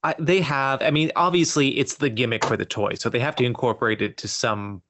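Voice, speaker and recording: A man taking part in a relaxed discussion about comics. He speaks in a measured way, stopping to hunt for the right word. The recording is dry and close, with no room sound. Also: medium pitch, no room sound. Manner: measured, searches for words.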